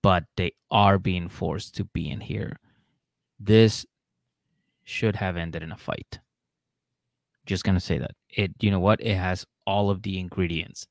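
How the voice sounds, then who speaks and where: A man's voice: sits low, dry recording, clean studio sound. A man co-hosting a casual podcast who argues his point emphatically and repeats it. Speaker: podcast co-host. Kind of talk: casual chat recapping a reality show.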